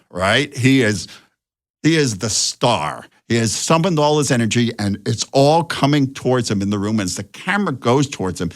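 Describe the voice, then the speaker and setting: Older male guest with a lively voice, spinning showbiz anecdotes full of voices. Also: on the low side. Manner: lively storyteller acting out quoted voices. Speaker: guest director. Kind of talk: animated anecdote telling.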